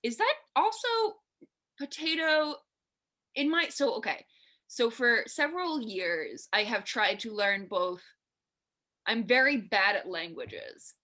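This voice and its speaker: Bright-voiced chatty woman host. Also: a little high, animated, takes it slowly. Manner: chatty storyteller, acts out quotes. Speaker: podcast host. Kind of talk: casual interview chat.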